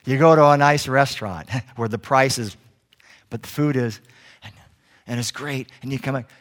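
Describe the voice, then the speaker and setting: A man preaching a sermon as a guest preacher, telling animated stories and joking with the congregation. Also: mid-range voice, normal speed. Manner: animated storytelling, acts out little scenes; jokey with the congregation.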